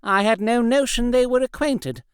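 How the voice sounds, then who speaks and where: A man's voice: very high voice, clean tone, no echo, clean studio sound, pitched above the performer's own voice. A man voicing a fussy, gossipy young society lady in an audiobook. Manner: brisk, bossy, socially fussy.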